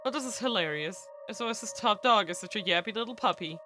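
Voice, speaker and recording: Brief: smug needling newspaperman, bright voice, a woman reading him. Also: medium pitch, expressive, quick pace, soft background music. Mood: taunting. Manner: taunting, sarcastic. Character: cocky male journalist, needling and bold.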